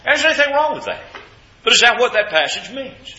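A man's voice: extremely high pitch, sing-song, brisk, sharp tone, muffled recording. A man preaching an earnest, conversational sermon, often restarting and repeating words.

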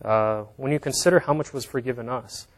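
A man's voice: mid-range voice, brisk. A man preaching an informal sermon, reading scripture aloud and explaining it in a conversational way with plain everyday examples.

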